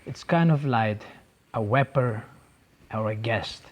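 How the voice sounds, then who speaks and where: A young man giving an earnest personal faith testimony, halting and repeating himself, with many "you know"s. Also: mid-range voice. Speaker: testimony speaker.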